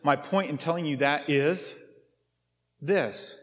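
A man's voice: fairly high pitch, takes it slowly, long reverb tail. A man giving a conversational sermon as pastor, who asks pointed questions and rises into emphatic peaks. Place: church.

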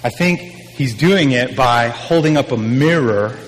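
A man's voice: mid-range voice, expressive, a little slow, long reverb tail, low-quality recording. A man preaching a sermon in a casual, emphatic style, repeating his key phrases.

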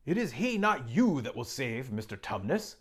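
A man's voice: mid-range voice, sing-song, normal speed, breathy edge. A man voicing a stern male beaver from a storybook, speaking emphatically and insistently. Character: stern, excitable male beaver, a talking animal.

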